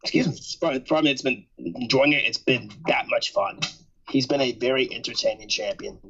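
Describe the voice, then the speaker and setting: A man's voice: medium pitch, brisk, a bit bright, husky, dull audio. A man co-hosting a casual wrestling podcast, rambling and repeating himself with a joking tone. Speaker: podcast co-host.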